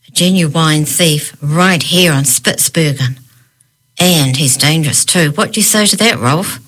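Woman playing bumbling cops, pompous and drawn-out, storybook. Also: low-pitched, a bit bright. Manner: pompous, drawn-out formal speech. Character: pompous bumbling policemen, overly formal.

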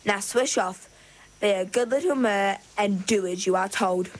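A haughty female mermaid who runs a shop, put on by a woman reading a storybook. She speaks in a pompous, sugary tone, belittling anyone beneath her. Her pitch sits in a middle range. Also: unhurried, lightly acted, rough recording. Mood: condescending.

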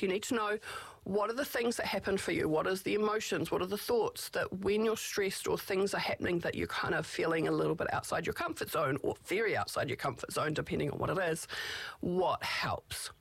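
Reflective advice-giver, rough gravelly tone with a breathy edge, rambling and candid. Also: mid-range voice, a little fast, a bit bright, no echo. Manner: candid, reflective, speaks in rambling run-on phrases. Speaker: speaker giving self-advocacy tips. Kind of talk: casual advice talk.

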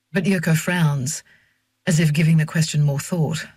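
An older woman narrating a first-person audiobook in a measured, reflective way. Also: deep voice, steady tone, a little mellow, breathy edge, no echo.

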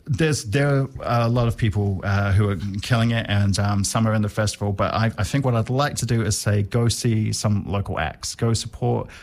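A man's voice: on the low side, steady tone, normal speed, few pauses, a little mellow. A man in his forties with a New Zealand accent, a comedian guest talking in a wry, self-deprecating way with many restarts. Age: 40s. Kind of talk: casual interview chat.

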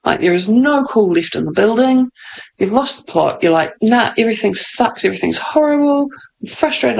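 Chatty woman with a gravelly edge. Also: medium pitch, low-quality recording. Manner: chatty, laughs often, frequent "like". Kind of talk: casual advice talk.

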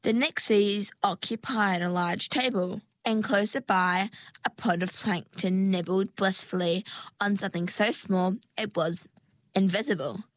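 A woman reading a children's storybook aloud in a calm, measured way. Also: mid-range voice, dry recording. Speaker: reader. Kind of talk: storybook narration.

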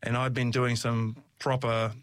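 A man's voice: medium pitch, flat delivery, measured pace, no echo. A middle-aged man, a former rugby player, chatting as an interview guest, telling stories with frequent laughs and restarts. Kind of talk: casual storytelling.

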